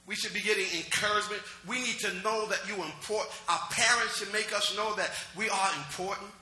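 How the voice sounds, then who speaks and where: Middle-aged male pastor, chatty sermon style with call-outs; high, bright voice in a roomy hall. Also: steady tone, fairly quick. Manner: conversational preaching with call-outs to the congregation.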